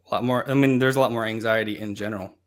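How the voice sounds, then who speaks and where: A man's voice: on the low side, fairly even intonation, racing. A man co-hosting a podcast, chatting casually, mostly agreeing and adding short remarks. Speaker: podcast co-host. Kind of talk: casual chat.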